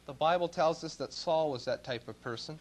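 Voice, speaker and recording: A middle-aged man from Canada preaching a sermon in a church, telling folksy stories and swinging between loud emphasis and low asides. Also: fairly quick.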